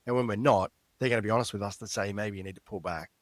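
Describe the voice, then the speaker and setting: A man's voice: fairly low pitch, fast, dry recording. A middle-aged man, a podcast guest telling a personal story in an earnest, reflective way. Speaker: guest author. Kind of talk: storytelling interview.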